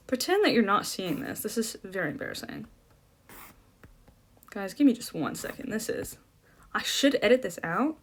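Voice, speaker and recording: A woman's voice: medium pitch, lively intonation, fairly quick. Chatty young woman explaining debate tactics. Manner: chatty, self-deprecating, lots of fillers and restarts. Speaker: debate coach. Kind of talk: casual instructional explanation.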